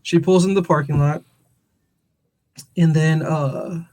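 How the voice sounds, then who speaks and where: A podcast host with a slightly higher voice tells a rambling story to his co-host. He is animated, laughs through his words and often starts over mid-sentence. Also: takes it slowly. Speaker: father. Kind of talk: casual storytelling chat.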